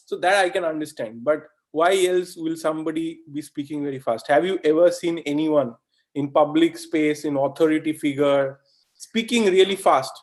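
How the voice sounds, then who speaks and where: A man from India teaching a live online lecture in a conversational way, often checking in with "okay?" and asking the audience questions. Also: on the high side. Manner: animated, mimics fast talkers in asides. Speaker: webinar instructor.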